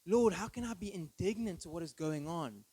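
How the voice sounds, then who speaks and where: A pastor preaching an earnest, emphatic sermon full of rhetorical questions. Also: male voice, high-pitched, expressive, moderate pace, warm tone, slightly rough, dry recording, poor audio. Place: church.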